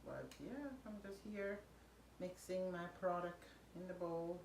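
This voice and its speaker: A Jamaican woman chatting casually and rambling a little while she cooks in her kitchen for her vlog, laughing softly now and then. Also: fairly low pitch, measured pace. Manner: relaxed, rambling talk with soft laughs. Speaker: vlogger and mother. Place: home kitchen, indoors. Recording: echoey room with background noise.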